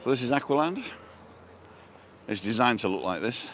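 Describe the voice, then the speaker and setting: A man with an English accent strolls down a street, pointing out shops and throwing in wry jokes. He speaks at a medium pitch. Faint passing traffic sits behind his voice. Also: lively intonation, normal speed, a bit bright. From England. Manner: chatty, jokey, chuckles at his own quips. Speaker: vlogger. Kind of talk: casual walking tour commentary. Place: outdoors on a street.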